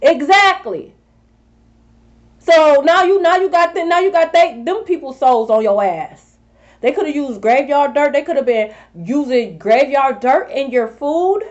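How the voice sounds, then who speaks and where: A woman's voice: high voice, expressive, a little slow, dull audio. A woman tarot reader scolding her rivals in a sassy, profane vlog monologue. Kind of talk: confrontational spiritual vlog monologue.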